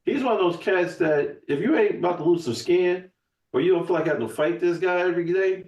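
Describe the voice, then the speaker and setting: A man's voice: sits high, brisk, darkish tone. A man talking in a casual podcast chat as the guest, emphatic and profane, rambling with restarts. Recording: echoey room, voice from far off the mic.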